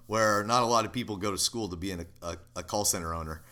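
A man's voice: fairly low pitch, fast, pushed and bright. A man co-hosting a podcast, talking casually and rambling with lots of fillers. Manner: rambling, filler-heavy, laughs easily. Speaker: podcast co-host, call center owner.

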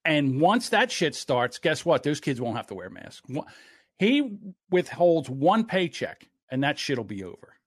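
Ranting profane man, lively pitch. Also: unhurried, no echo, clean studio sound. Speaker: podcast co-host. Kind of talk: casual political podcast chat.

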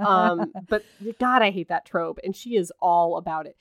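A woman's voice: lowish voice, normal speed, no echo. A woman in casual chat recapping a film, ranting and mocking characters in funny voices.

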